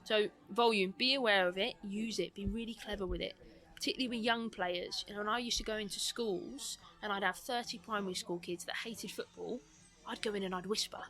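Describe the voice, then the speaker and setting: This medium-pitched woman, a guest coach mentor in a podcast conversation, has a slight lisp and a mixed British accent with hints of London. Her way of talking is brisk and animated.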